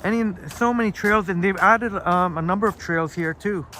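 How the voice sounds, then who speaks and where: A man's voice: high-pitched, moderate pace, sharp tone, low-quality recording. A Canadian man live-streaming on his phone while walking park trails, chatting casually and reading out viewer comments with many fillers. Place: outdoor nature trails in a park. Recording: outdoor noise behind voice.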